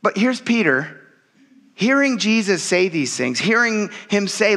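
A pastor preaching a sermon in a conversational, joking and emphatic way, often checking in with the congregation. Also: male voice, sits high, sing-song, measured pace, fairly bright tone.

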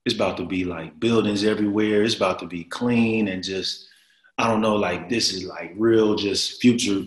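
A man in his thirties telling a story in casual chat, animated and full of slang and fillers. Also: on the low side, moderate pace. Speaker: guest. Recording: roomy echo.

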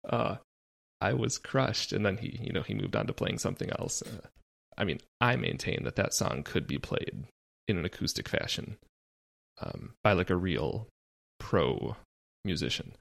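A man's voice: low voice, moderate pace, gravelly. A man co-hosting a casual music podcast, telling stories with dry sarcasm. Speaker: podcast co-host. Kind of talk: casual chat.

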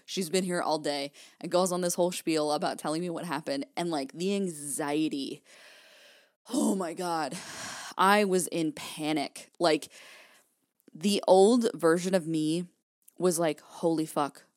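A woman's voice: deep voice, measured pace, a little mellow, no echo, studio quality. A young woman hosting her own podcast, telling a personal story candidly, swearing freely and acting out her past thoughts. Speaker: podcast host.

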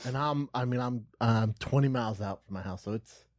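A man's voice: medium pitch, brisk, slight background noise. A man telling a long story with lots of swearing, acting out both sides of an argument. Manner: excitable, profane, acts out both sides of the argument. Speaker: podcast guest. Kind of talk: animated profane storytelling.

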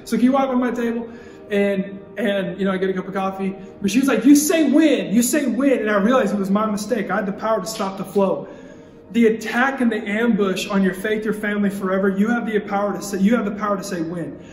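Young male youth pastor, high voice, rhythmic repeating preaching style, big reverberant hall. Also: fairly even intonation, quick pace. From Idaho. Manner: preaching with repeated cadences, storytelling asides. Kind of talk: sermon. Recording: echoey hall with long reverb, soft music.

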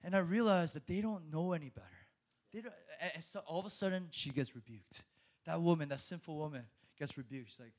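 A young man preaching a sermon in an animated way, laughing often and repeating words when excited. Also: sits high, a little fast.

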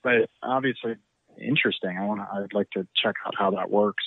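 A man's voice: on the low side, fairly quick, no echo. Middle-aged man on a tinny phone line. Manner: rambling, anecdotal, self-deprecating. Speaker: actor guest. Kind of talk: casual interview chat.

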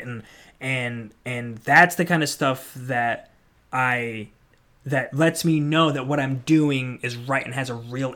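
A man's voice: mid-range voice, fairly bright tone. A man in his thirties, an Army NCO and resilience instructor, telling a story in casual chat with lots of restarts and filler words. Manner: rambling, many restarts and filler "like". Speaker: Army non-commissioned officer and resilience course instructor.

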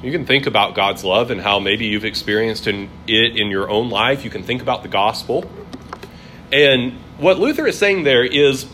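A man's voice: mid-range voice, fairly bright tone, a little hiss or hum. A man teaching a classroom Bible lesson in a conversational way, acting out quoted voices.

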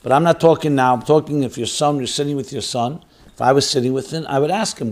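An earnest rabbi, a man at a middling pitch, gives religious guidance on his own question-and-answer show. He presses his points by repeating key phrases and drops Hebrew and Yiddish terms into his speech. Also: fairly quick, a little mellow.

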